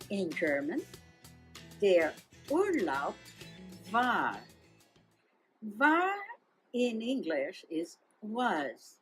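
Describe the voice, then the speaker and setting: A woman hosting a radio German lesson, repeating words and phrases for listeners. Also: mid-range voice. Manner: slow, drawn-out drill with repeated phrases. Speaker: German language segment host.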